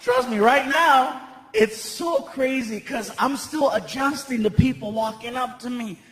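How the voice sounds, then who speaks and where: A man performing stand-up comedy on a large theater stage, telling animated, playful stories. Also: extremely high pitch, a little slow. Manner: animated, playful storytelling, many character voices. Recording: echoey hall, loud crowd and noise.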